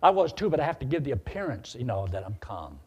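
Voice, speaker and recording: Animated husky preacher telling a story. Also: male voice, medium pitch, fast talker. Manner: animated, acts out dialogue. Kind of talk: sermon storytelling.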